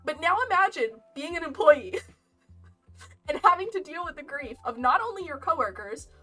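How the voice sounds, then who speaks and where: A woman's voice: sits high, lively intonation, normal speed, bright, forceful tone, distant mic. A young woman streamer telling a casual story, chatty and rambling with frequent laughs. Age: young adult. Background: lo-fi game music.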